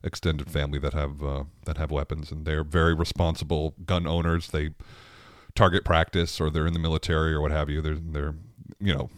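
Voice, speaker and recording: A man's voice: rumbling low, completely flat delivery, fairly quick, dry recording, studio quality. A man hosting a podcast in a casual solo monologue, rambling with many restarts and frequent laughter. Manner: rambling, self-interrupting, laughs often. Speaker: podcast host.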